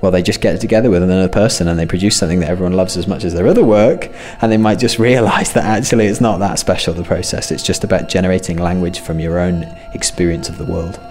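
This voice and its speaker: A man's voice: sits low, steady tone, fast, few pauses, a little mellow. A man explaining his views in casual interview talk, earnest and thinking aloud in run-on sentences.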